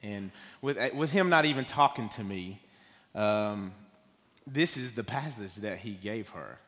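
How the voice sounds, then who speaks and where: A man giving his first personal testimony sermon in a church, talking in a halting, nervous way with many fillers and restarts. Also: on the low side, expressive, fairly bright tone. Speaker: guest speaker giving a testimony. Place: church sanctuary. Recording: long hall reverb.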